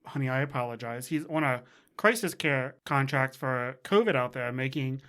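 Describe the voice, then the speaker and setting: A man co-hosting a casual podcast, with a bright, mid-pitched voice. He drops in quick, dry one-liners and teasing remarks. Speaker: podcast co-host. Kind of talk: casual chat.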